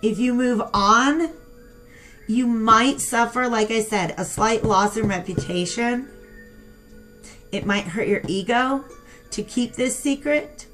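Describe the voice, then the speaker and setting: A woman's voice: on the high side, slow pace, soft background music. Chatty young woman giving a tarot reading. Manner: chatty and animated, talks to viewers as "you guys". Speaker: tarot reader. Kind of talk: casual spoken tarot reading.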